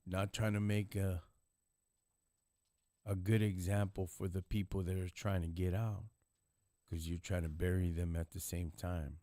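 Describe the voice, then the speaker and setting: A live stream host speaks in casual street slang, blunt and preachy. He is a man with a very deep voice, recorded dry and close. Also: flat delivery, measured pace, long pauses, warm tone, dry recording. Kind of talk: casual chat.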